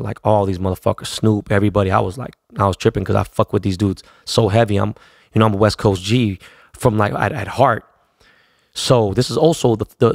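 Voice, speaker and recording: A man's voice: lowish voice, vocal fry, no echo, clean studio sound. A middle-aged man from Los Angeles, a DJ, telling a story in a loose, profane, slang-heavy way. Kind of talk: casual storytelling.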